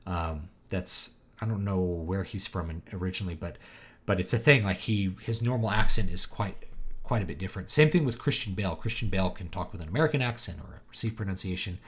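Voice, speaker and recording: A man with a faint Southern drawl, a writer hosting a livestream, chatting casually and drifting between topics while tossing off quick accent impressions. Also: deep voice, a bit bright. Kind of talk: casual livestream chat, reading viewer comments.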